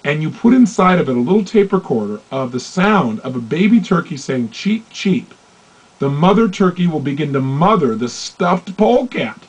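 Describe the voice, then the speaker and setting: A man giving a motivational talk on love and relationships, acting out both partners in dialogue with lively, shifting voices. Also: fairly high pitch, brisk, few pauses, husky, highs cut off. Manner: animated, acts out both partners in quoted dialogue. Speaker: motivational speaker.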